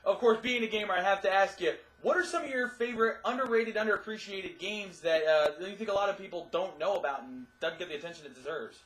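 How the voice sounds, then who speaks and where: A man's voice: high voice, fast talker, few pauses, reverberant, noisy background. A man acting as interviewer, asking casual questions in an eager, upbeat way.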